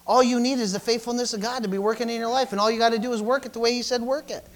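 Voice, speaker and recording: A man preaching a sermon in a strikingly high voice. He swings between fervent shouting and quieter teaching, with hallelujahs and praise calls breaking into his lines. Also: fairly even intonation, rapid-fire. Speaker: pastor.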